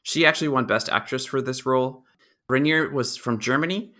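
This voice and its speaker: A young man co-hosting a podcast, explaining film history in a relaxed, informative way with a dry sense of humor. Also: mid-range voice, brisk. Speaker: podcast co-host. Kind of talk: casual movie review chat.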